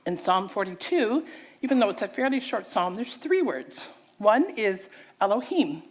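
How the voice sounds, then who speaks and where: A woman's voice: mid-range voice, normal speed, slightly rough. A woman preacher in a church giving a sermon, acting out a story with theatrical voices and drawing the audience in. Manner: animated, theatrical, engaging the audience.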